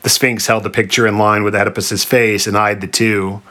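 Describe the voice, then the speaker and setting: A man narrating a comic story in a dry, deadpan manner. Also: fairly low pitch, normal speed, hardly any pauses.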